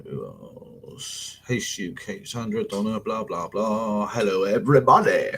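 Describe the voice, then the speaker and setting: He's an Englishman chatting casually on a livestream for paranormal investigators, spinning rambling, sweary tales in slang. His voice sits on the low side, animated yet unhurried and fairly bright, on a low-quality recording with a bit of hiss or hum.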